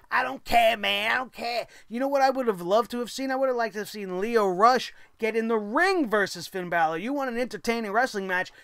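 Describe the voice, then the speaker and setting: A man's voice: high-pitched, a bit bright, clean tone, no room sound, studio quality. A man hosting a wrestling recap show, ranting sarcastically and swearing, mocking people in put-on voices. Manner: sarcastic, profane, mocking impressions.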